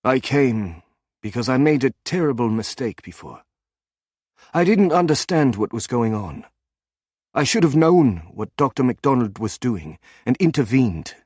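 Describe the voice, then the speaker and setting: A man voicing a composed young German academic doctor with a soft German accent, in an audiobook. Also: medium pitch, big pitch swings, measured pace, breathy edge, dry recording, studio quality, pitched above the performer's own voice.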